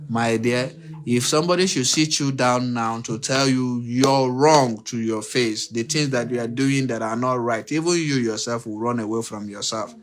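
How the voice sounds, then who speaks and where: Male livestream host at an average pitch who lectures on relationships, talks straight to his audience and presses his points home. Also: normal speed. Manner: preachy, repetitive, uses rhetorical questions; addresses listeners directly and emphatically. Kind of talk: unscripted livestream monologue.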